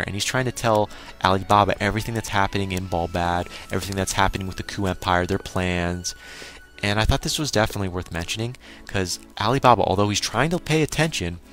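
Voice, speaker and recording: Young male anime reviewer, deep low voice, crude chatty recap, faint music underneath. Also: a bit bright. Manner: crude, exclaiming, mock-quoting himself. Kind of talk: casual episode recap.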